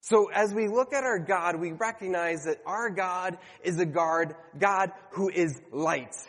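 A man's voice: high-pitched, unhurried, fairly bright tone, big-room sound. A man preaching a sermon to his congregation, earnest and conversational, sometimes stumbling and correcting himself.

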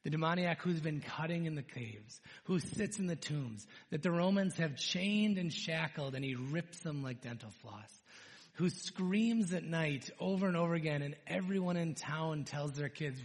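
A man preaching a sermon, retelling a scripture story with animated storytelling and dropping to hushed tones for emphasis. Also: on the high side, moderate pace. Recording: long reverb in a hall.

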